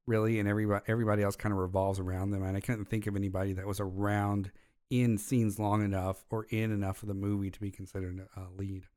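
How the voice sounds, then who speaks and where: A man's voice: fairly low pitch, level tone, fast talker, a little mellow. A young man co-hosting a casual movie review chat, reading out plot and cast notes between loose jokes. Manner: reads plot summaries and credits, then jokes and swears casually. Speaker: podcast co-host.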